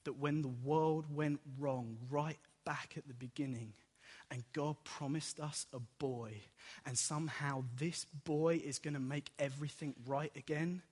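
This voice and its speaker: A man preaches a sermon and acts out the story as he tells it. His voice sits a little high, and it rings with the long reverb of a large hall. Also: unhurried, few pauses, breathy edge. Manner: animated storytelling, acts out dialogue.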